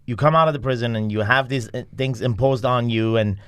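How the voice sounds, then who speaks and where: A man hosts an interview, asking calm, probing questions and nodding along with short affirmations. His voice is medium in pitch and sounds dry and close. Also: fairly quick, smooth, dry recording.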